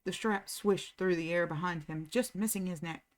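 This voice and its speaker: A woman reading a novel aloud at a steady, unhurried pace, as the host of a reading channel. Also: lowish voice.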